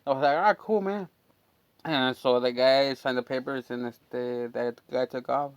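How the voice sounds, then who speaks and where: A man's voice: medium pitch, unhurried, dry recording. A man telling a long, rambling, profane story from his neighborhood in a casual chat, full of fillers. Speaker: storyteller and channel host.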